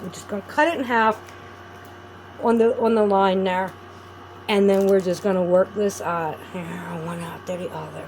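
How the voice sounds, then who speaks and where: A woman's voice: medium pitch, a little hiss or hum. A woman chatting casually to her viewers while crafting at home, rambling and friendly. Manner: rambling, chatty, talks to viewers warmly as "adorables". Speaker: vlogger.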